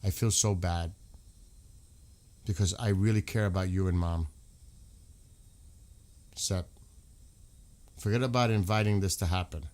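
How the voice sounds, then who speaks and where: The livestream host is an American man whose low-pitched, darkish voice moves a little slowly and pauses often. He talks casually but in a heated, repetitive way, swearing a lot.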